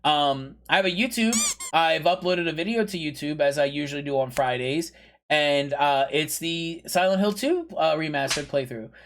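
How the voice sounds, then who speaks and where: A man's voice: on the high side, moderate pace, a bit bright. A man streaming a video game, chatting casually with viewers in a rambling way, full of fillers and playful plugs. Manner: pushy, playful plugging. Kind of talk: casual live-stream chat.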